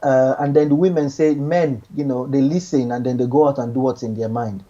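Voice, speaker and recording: Husky, mellow-voiced man giving advice. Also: mid-range voice, steady tone, fairly quick, muffled recording. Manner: earnest, repeats words, many restarts and "you know". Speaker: guest giving relationship advice. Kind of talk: casual advice chat.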